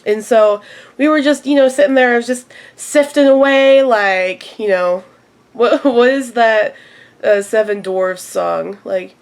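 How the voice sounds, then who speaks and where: A young woman in her twenties telling a story straight to camera in a casual vlog. She is animated and laughs a lot, and her voice jumps up whenever she quotes herself or others. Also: a little high, measured pace, smooth. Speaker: vlogger.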